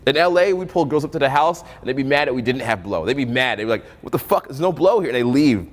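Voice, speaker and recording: Profane, animated male dating coach. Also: mid-range voice, fast, long reverb tail. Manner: profane, animated, acts out both sides of conversations. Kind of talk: casual storytelling talk.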